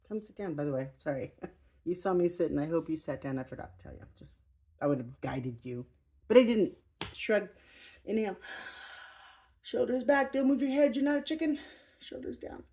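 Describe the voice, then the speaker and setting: A woman's voice: fairly high pitch, expressive, normal speed, long pauses, a little mellow. A woman teaching a yoga class for the feet, talking the viewer through each move in a playful, chatty way with jokey asides. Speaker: yoga instructor. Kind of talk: guided exercise instruction.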